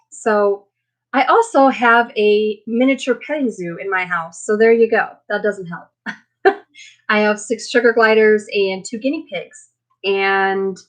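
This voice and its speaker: A woman hosting a casual live chat with viewers, chatty and rambling, with many fillers, tired and emotional after being sick. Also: medium pitch. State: recovering from illness, emotional. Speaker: livestream host.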